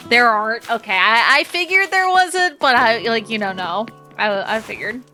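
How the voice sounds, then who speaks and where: A woman streamer chatting casually while playing a game, telling animated stories and swearing freely. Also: fairly high pitch, moderate pace, faint music behind.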